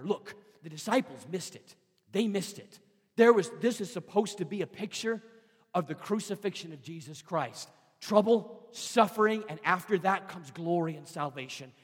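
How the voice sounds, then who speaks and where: Male pastor, high voice, fervent sermon that swings from shouts to hushed pleas, big reverberant hall. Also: animated, moderate pace, slightly rough.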